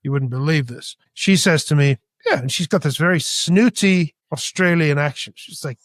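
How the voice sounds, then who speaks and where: A man's voice: on the high side, moderate pace, hardly any pauses, no echo. A man born in Britain and raised in Spain, an artist telling his story as a guest and acting out dialogue. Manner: animated, acts out dialogue. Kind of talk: storytelling interview.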